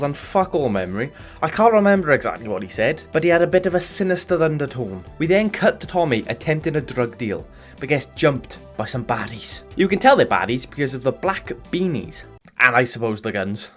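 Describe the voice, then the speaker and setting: A man's voice: medium pitch, fairly quick, soft background music. A British man giving sweary, sardonic comedic voice-over commentary on a game. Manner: sardonic, sweary deadpan jokes. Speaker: gaming YouTuber.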